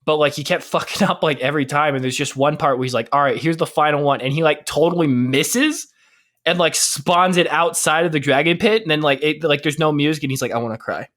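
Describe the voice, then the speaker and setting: A young man in loose podcast banter, his voice sitting a little high for a man. He rambles, stops and restarts sentences, and breaks into laughter often. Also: fairly quick, a bit bright. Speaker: podcast co-host. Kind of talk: casual chat.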